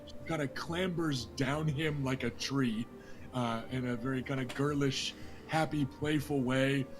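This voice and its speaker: A man narrating as game master, unhurried, with many fillers and hedges. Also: mid-range voice, steady tone, music in the background.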